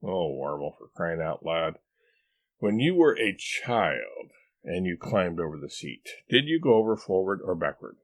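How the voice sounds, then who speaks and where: A man's voice: deep voice, sing-song, measured pace, exaggerated voice. A man voicing an exasperated adult wife who fires off incredulous, teasing questions at her husband in a storybook reading. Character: exasperated sharp-tongued wife, adult woman.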